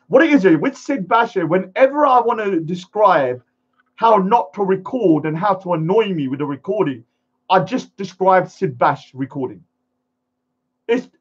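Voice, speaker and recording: A man's voice: on the high side, highs cut off. A man ranting defiantly to camera, acting out pleading voices as he goes. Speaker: vlogger.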